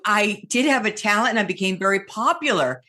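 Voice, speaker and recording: An older woman, a comedian and impressionist, tells stories with lively animation as a guest in an interview, slipping into voices along the way. Her voice sits at a medium pitch and moves a little fast in this casual storytelling.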